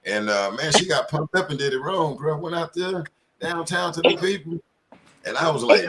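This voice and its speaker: A man's voice: on the high side, sing-song, moderate pace, over a noisy crowd. A man in casual panel talk, telling loose, profane stories full of slang. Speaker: community panelist.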